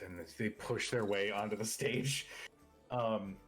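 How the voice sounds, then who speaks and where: A man's voice: on the low side, fairly even intonation, measured pace, a bit bright, soft background music. A man narrating a tabletop game as game master, casual and rambling.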